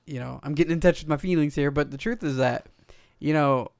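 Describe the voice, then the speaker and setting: A man's voice: a little high, fairly quick, darkish tone, smooth, no echo, studio quality. A man co-hosting a casual podcast chat about role-playing, reflective and hesitant with many fillers.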